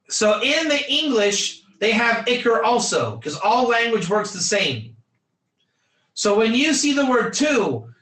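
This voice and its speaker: A man's voice: very high voice, big pitch swings, unhurried, fairly bright tone, reverberant. A man teaching a Torah class in an emphatic, repetitive lecture style, quizzing his students by name.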